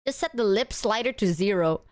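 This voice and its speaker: A woman's voice: medium pitch, lively intonation, a little fast. A woman streamer chatting casually with her viewers, playful, laughing often and swearing freely. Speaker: livestreamer.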